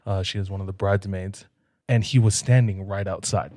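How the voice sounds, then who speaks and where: A man co-hosting a casual podcast, telling stories in a relaxed, easygoing way. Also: sits low, fairly quick, no echo, studio quality. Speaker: podcast co-host. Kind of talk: casual chat.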